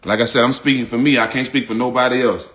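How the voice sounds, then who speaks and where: Man, casual talk to the audience, emphatic, repeats himself, slangy, bright forceful voice, mid pitch. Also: fairly even intonation, fast. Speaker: public figure speaking out.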